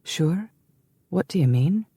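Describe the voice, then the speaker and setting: A proud, fierce young Scottish noblewoman, lifted high and pleading in a storybook reading, as a male narrator puts her on. The tone stays dark and husky, in a dry close room. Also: lively intonation, slow pace, no room sound, full character voice. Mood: startled.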